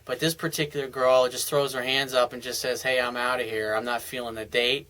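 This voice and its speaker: A man's voice: medium pitch, level tone, brisk, few pauses, pushed and bright, poor audio. A man giving casual, blunt dating advice as a coach, answering a viewer's email in a conversational monologue.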